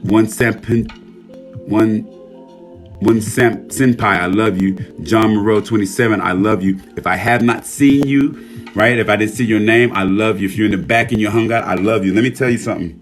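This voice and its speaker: A hoarse man hosting a casual livestream, reading out viewer names and speaking earnestly, with frequent swearing. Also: on the low side, normal speed, soft background music. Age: adult, a military veteran. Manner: warm shout-outs reading viewer names. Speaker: livestream host.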